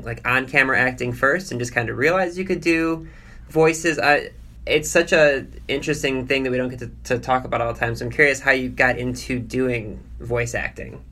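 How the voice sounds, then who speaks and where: Male co-host, bright tone, curious, excitable. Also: medium pitch. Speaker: podcast co-host. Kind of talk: casual interview chat.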